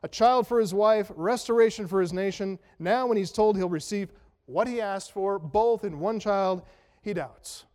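A man's voice: high voice, moderate pace, a little mellow, clear, resonant tone. A man preaching a sermon in a conversational way, asking rhetorical questions and making self-deprecating jokes. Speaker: pastor. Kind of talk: expository sermon. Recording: long reverb of a large hall.

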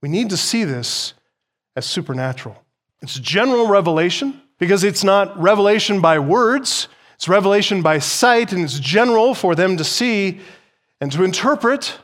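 A male pastor delivering a sermon in an animated preaching style, his voice rising for emphasis. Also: high-pitched, moderate pace.

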